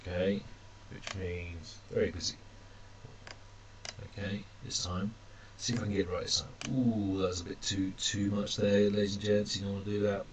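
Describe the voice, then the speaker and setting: A man teaching a language lesson while drawing characters on screen, chatty and self-deprecating, calling his viewers ladies and gentlemen. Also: on the low side, little pitch movement, moderate pace, slight background noise.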